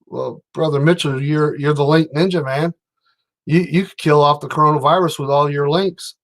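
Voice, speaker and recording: A man's voice: on the high side, fairly even intonation, moderate pace. A man hosting a casual livestream, rambling and reading out viewer comments as he talks. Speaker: livestream host.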